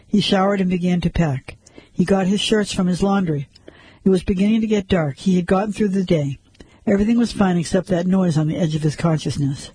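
A man reading a story aloud as narrator, in a steady, measured way. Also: high voice, slightly rough, dry recording, rough recording.

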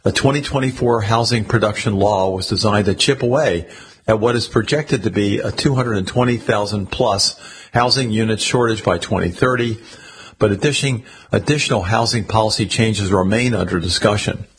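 A man reading newspaper articles aloud for a radio reading service, steady with occasional slips and restarts. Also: on the low side, moderate pace, husky.

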